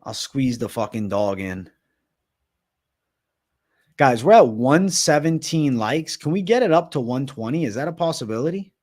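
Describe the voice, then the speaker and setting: A man's voice: mid-range voice, lively intonation, normal speed, long pauses, darkish tone. A young man from Massachusetts hosting a livestream, chatting loosely and swearing constantly while reading viewer comments aloud. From Massachusetts, USA. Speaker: livestream host.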